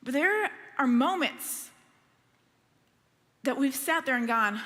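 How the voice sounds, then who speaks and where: A middle-aged woman preaching a sermon in a church, telling stories in a lively, conversational way. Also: sits high, slow, long pauses, long reverb tail. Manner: animated, conversational storytelling.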